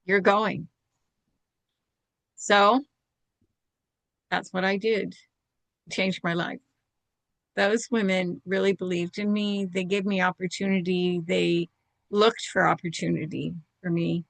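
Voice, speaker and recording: An older woman with a lowish, gravelly voice tells a personal story in a candid, self-deprecating way. The sound is close and dry. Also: steady tone, a little slow, pauses often, no echo. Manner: candid, self-deprecating, laughs while telling.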